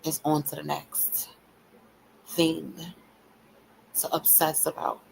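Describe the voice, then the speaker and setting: Woman streamer, confrontational profane monologue, a vocal-fry edge to her voice. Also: sits low, completely flat delivery, slow, slight background noise, poor audio. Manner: repetitive, taunting cadence. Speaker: livestream host. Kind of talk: ranting livestream monologue.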